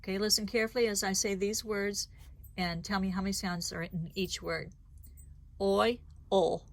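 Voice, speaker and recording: A woman teacher leading a phonics lesson for children, sounding out words slowly and deliberately, sound by sound. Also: medium pitch, little pitch movement. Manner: slow, deliberate sound-by-sound enunciation.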